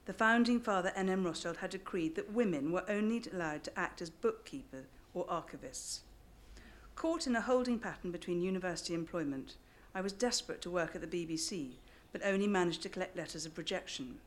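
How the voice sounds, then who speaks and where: A woman's voice: lowish voice, brisk. An English woman reading her memoir aloud to a live audience, with wry joking asides between passages. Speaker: author.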